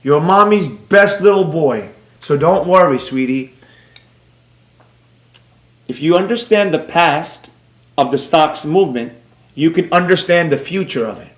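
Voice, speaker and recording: A man voicing a doting mock mother who reads a bedtime story in a soft, hushed, cooing voice. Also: a little high, lively intonation, measured pace, long pauses, echoey room, voice pushed down. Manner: soft, hushed, cooing, keeps saying sweetie.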